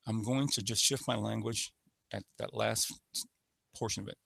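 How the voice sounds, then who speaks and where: A man's voice: fairly low pitch, steady tone, measured pace, vocal fry, fairly bright tone, slightly rough, dry recording. A man presenting a sales-skills webinar in a coaching manner, showing voice patterns with sample phrases. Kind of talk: instructional webinar talk.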